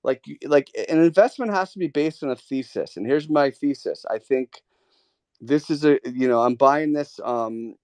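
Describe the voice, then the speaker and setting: A man's voice: medium pitch, moderate pace, a little mellow, clean tone, no echo. A man hosting a live trading Q&A, talking casually and coaching callers with emphatic, repeated points. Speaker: host of a trading Q&A. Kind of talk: casual mentoring talk.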